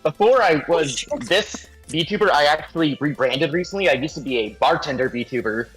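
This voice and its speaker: A man chatting casually as a vtuber guest while baking, relaxed and friendly. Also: on the high side, moderate pace, husky, soft background music, poor audio. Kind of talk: casual chat while cooking.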